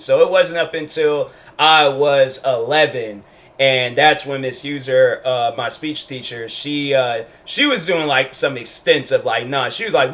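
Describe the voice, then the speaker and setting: Young man, bright tone, casual storytime vlog, rambling delivery. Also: medium pitch, unhurried. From Washington State, US. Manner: rambling, lots of fillers and restarts. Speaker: YouTuber.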